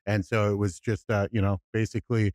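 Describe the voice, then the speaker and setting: A man co-hosting a podcast, talking in a relaxed way with many "you know"s. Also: on the low side, a little fast, dry recording, clean studio sound. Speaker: podcast co-host. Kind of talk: casual podcast chat.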